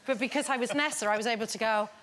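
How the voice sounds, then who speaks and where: A woman guest on a chat show telling lively stories and laughing often. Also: a little high, racing. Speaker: actor and guest. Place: TV studio with an audience.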